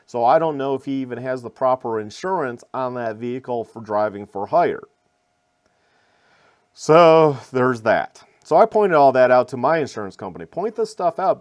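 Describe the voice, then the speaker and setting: A man's voice: mid-range voice, a little mellow. A man in a casual, rambling vlog retelling a road crash. He repeats words, restarts sentences and adds wry asides. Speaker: vlogger recounting a crash. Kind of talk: casual storytelling to camera.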